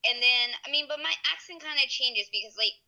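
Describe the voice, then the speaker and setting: A woman's voice: high-pitched, fairly quick, bright, forceful tone, poor audio. A woman from New York with a New York accent, a guest on a video call podcast, talking in a rambling way with many fillers. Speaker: guest, entrepreneur. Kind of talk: casual interview chat.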